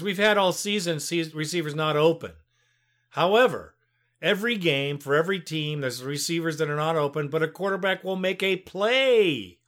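Sports radio host guy, chummy with callers, a bit higher voice. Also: a bit bright. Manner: friendly, chummy, calls listeners brother.

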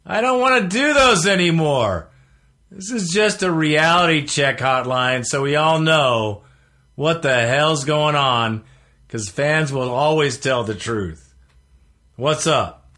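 A man's voice: on the high side, takes it slowly, bright, forceful tone. A man hosting a sports fan call-in show, talking bluntly and getting worked up. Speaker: radio show host. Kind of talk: casual fan talk show.

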